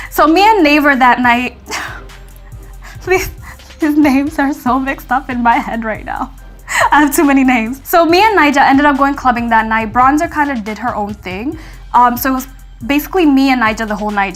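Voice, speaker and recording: A young woman casually telling a story to her viewers, chatty and animated, acting out what people said. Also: sits high. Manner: chatty, animated, acts out quotes, frequent "like".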